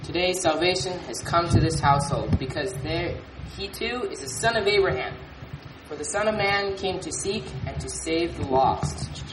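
Man as a calm, solemn Jesus in a church skit; distant mic, noisy echoey room. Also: a little high, moderate pace, lightly acted. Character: calm adult male Jesus, teacher.

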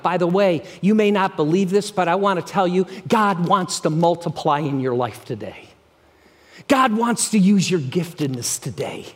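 A middle-aged pastor preaches a sermon with energy and animation, sometimes sinking into hushed passages. His voice sits high.

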